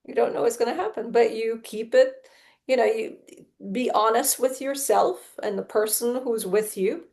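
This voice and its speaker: Expressive woman telling her story. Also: a little high, moderate pace. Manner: expressive storyteller who acts out past conversations. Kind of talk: conversational podcast talk.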